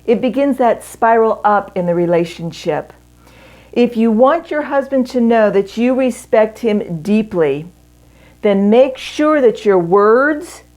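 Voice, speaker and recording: A middle-aged woman giving an earnest teaching talk to women in a marriage seminar, speaking in measured phrases with pauses. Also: medium pitch, a little mellow.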